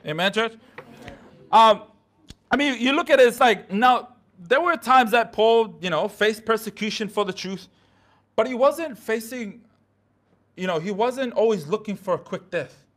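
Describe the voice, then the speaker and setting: A man's voice: high-pitched, animated, unhurried, a bit bright. A man preaching a midweek sermon in a church, talking casually with slang and asides.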